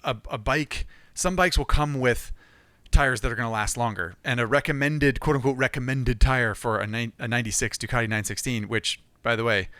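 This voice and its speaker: A man co-hosting a casual podcast, relaxed and laughing easily while explaining things. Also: medium pitch, fairly quick, few pauses, no echo. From California. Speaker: podcast co-host.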